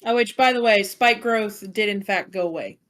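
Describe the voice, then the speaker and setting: A woman's voice: medium pitch, moderate pace, a bit bright. A woman narrating as game master of a tabletop game, calling rolls and describing the enemies' turns.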